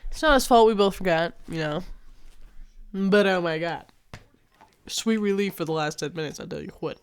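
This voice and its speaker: A young woman telling a casual storytime vlog, animated and slangy, swearing freely and acting out what people said. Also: medium pitch, a little fast, clear, resonant tone.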